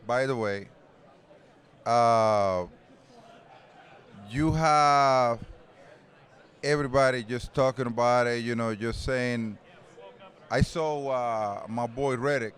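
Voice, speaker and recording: A man in his forties speaks English with a Spanish accent, chatting loosely as an interview guest outdoors at an event. He rambles, restarts his sentences and laughs easily, at an ordinary pitch. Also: slow pace, pauses often, fairly bright tone, smooth. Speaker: interview guest, retired baseball player. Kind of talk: casual interview.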